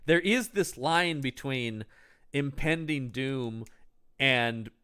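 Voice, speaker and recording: A man co-hosting a casual film-review podcast, jokey and quick to act out lines from scenes. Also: mid-range voice, smooth. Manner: animated, jokey, acts out quotes. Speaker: podcast co-host.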